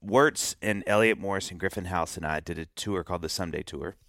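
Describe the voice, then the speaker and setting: A man telling a story in a casual interview, animated and acting out voices of the people in it. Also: low-pitched, a little fast, dry recording, clean studio sound. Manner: animated, acts out voices of himself and others in his stories. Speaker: musician telling his love story.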